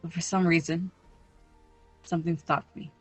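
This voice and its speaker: A teenage girl giving a live personal storytelling performance on stage, slow and emphatic in a dramatic delivery to an audience. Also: on the low side, little pitch movement, slightly rough, faint music behind. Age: teens. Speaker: teen storyteller.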